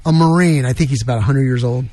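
A man's voice: medium pitch, fast, warm tone. A man hosting an opinionated talk show, talking emphatically with frequent restarts. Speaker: show host.

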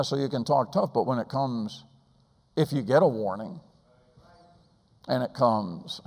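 Urgent preacher with hall echo. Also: male voice, mid-range voice, a little mellow. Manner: urgent, pleading, rhetorical questions. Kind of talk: sermon. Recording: long hall reverb.

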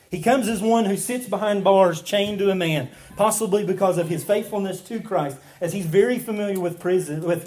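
A man's voice: high voice, a little mellow. A man preaching a sermon as a pastor, earnest and emphatic, with frequent fillers and restarts.

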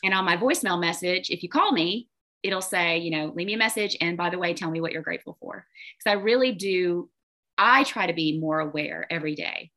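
Woman coach chatting in an interview, bright tone, acts out her inner voice. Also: on the low side, expressive, fairly quick. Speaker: guest, business coach. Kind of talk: casual interview talk.

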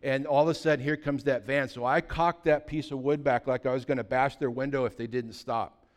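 A man in his fifties from California, a pastor telling a personal story in a lively, anecdotal way, with sudden loud bursts. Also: medium pitch, brisk. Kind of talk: sermon storytelling.

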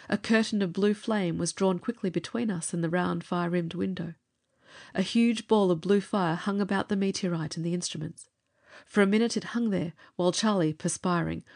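Woman narrating an audiobook, lowish voice. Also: gravelly. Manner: measured, expressive storytelling.

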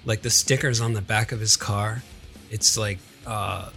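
A man co-hosting a casual chat podcast, telling relaxed, profane anecdotes about his neighbors. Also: fairly low pitch, moderate pace, gravelly, soft background music. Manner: laid-back, profane anecdote teller.

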